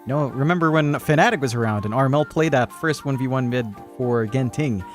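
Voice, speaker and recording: A man's voice: medium pitch, soft background music. A man from the Philippines casting an esports match, teasing and joking between draft calls. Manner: playful, teasing, quick to laugh. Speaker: esports caster.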